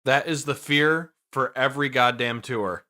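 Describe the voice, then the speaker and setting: A man's voice: mid-range voice, measured pace, pushed and bright. A man hosting a podcast, asking questions in a casual interview. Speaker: podcast host.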